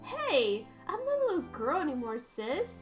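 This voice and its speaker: A woman's voice: sits high, huge pitch swings, moderate pace. A woman voicing a bubbly teenage girl who teases her older sister in a perky way. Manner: perky, teasing. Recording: game music behind.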